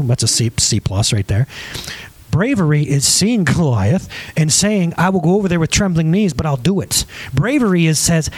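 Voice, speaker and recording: A man pastor in his thirties preaching a conversational, emphatic sermon with audience asides and a slightly husky voice. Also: fairly high pitch.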